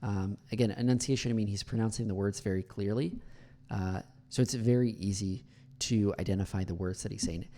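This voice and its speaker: A man with a dark, gravelly voice gives pronunciation feedback as an English teacher. He talks in a relaxed, filler-heavy way and slows down to demonstrate words. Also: lowish voice. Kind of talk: pronunciation commentary over a video.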